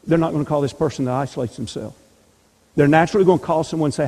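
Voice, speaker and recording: Mellow man teaching a church class. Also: fairly high pitch, fast. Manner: emphatic, asks rhetorical questions. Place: church meeting room. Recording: long hall reverb.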